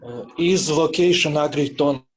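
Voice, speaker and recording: A man student asking questions on a video call, halting and repeating words. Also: on the high side.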